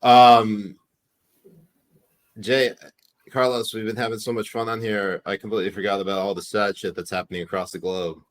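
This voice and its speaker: A man's voice: on the low side, level tone, normal speed. A man co-hosting a podcast in casual chat, with a joking, mock-serious manner. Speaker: podcast co-host.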